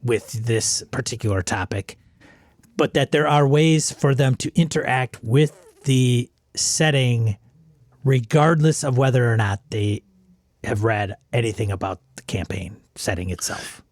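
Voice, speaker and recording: A man's voice: mid-range voice, a little slow, a little mellow, no room sound. A man co-hosting a gaming podcast, talking thoughtfully and restarting his sentences. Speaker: podcast co-host. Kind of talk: casual podcast chat.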